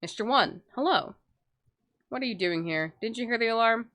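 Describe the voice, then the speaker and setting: A woman's voice: a little high, lively intonation, normal speed, a bit bright. A woman voicing a polite, eager young male student in a game, speaking in an apologetic way over music. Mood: earnest.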